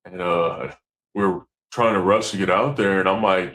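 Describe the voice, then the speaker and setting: A man, a commercial fisherman, telling stories in a casual, animated way, acting out quotes and swearing freely. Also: deep voice, normal speed. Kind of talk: casual storytelling.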